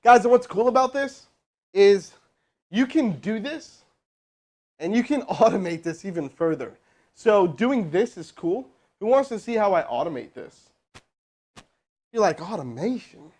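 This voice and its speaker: A man hosting a live stream, teaching cold calling and rallying viewers in the chat in a loud, animated way. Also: sits high, a little slow, pauses often. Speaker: host doing live sales calls.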